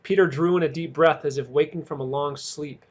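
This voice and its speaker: A man reads a novel aloud in a measured way, leaning into the dramatic moments. His voice sits a little above the usual pitch for a man, and he keeps a steady storytelling pace. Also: dull audio. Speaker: audiobook reader.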